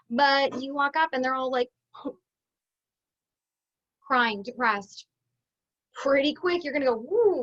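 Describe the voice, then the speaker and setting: A woman's voice: high-pitched, fairly bright tone, muffled recording. A woman business coach teaching an online masterclass, upbeat and conversational, acting out the thoughts she quotes.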